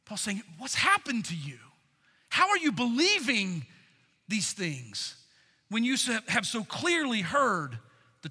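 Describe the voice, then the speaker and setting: A man preaching a sermon as pastor of his church, impassioned, swinging from loud to near whispers. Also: high-pitched. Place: church sanctuary. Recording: long reverb in a church hall.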